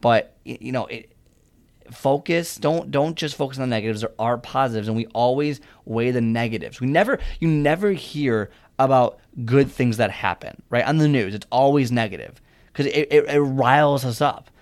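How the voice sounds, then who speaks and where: A man's voice: medium pitch, moderate pace, darkish tone. A young man talking casually and earnestly about a fitness mindset, rambling and restarting his sentences as he gives advice. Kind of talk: casual motivational monologue.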